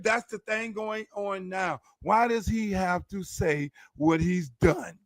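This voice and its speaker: A man's voice: high-pitched, unhurried, few pauses, dry recording, studio quality. A man who is a show host and football coach, venting in a heated, profane, repetitive rant. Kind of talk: casual ranting monologue.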